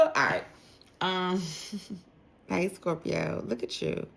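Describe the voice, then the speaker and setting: A woman with a low, gravelly voice gives a relaxed tarot reading for the zodiac signs. She talks straight to each sign in a chatty, slangy way, packing her sentences with "like." The feel is loose and conversational, not scripted. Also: takes it slowly. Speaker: tarot reader.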